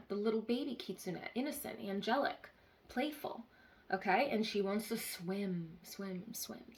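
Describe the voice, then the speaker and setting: Woman, spiritual healer, live-streamed card reading, earnest, repeats key phrases. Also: fairly high pitch.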